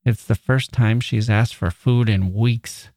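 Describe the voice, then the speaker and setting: A man voicing a poor, weary old woman, husky and hurried. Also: lowish voice, steady tone, a little mellow, no echo, studio quality, natural voice. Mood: anxious.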